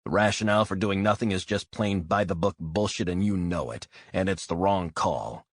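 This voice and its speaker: A man voicing a blunt, hot-headed male operative who argues forcefully and swears. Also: low voice, normal speed, no room sound, studio quality, voice pushed up.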